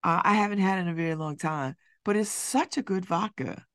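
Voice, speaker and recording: A woman's voice: lowish voice, a little fast, dry recording. Chatty woman host on dry studio mic. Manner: chatty, rambling, with frequent restarts and laughs. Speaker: radio show host. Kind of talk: casual chat.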